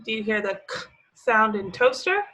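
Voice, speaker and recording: A woman teaching preschoolers, speaking slowly and patiently, asking the children questions and answering them herself with encouragement. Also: on the high side, very animated, sharp tone, low-quality recording.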